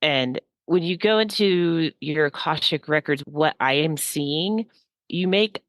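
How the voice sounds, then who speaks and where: A woman's voice: low voice, slow pace, dry recording. Heartfelt rambling woman, dry close mic. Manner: rambling, heartfelt, frequent "like" fillers. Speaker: psychic guest. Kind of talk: casual spiritual talk.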